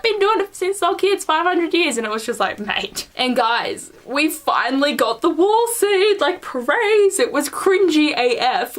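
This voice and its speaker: An Australian woman with a fairly high voice talks through a casual book review. She is chatty and animated, and "like" fills nearly every sentence. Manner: chatty and animated, heavy use of "like".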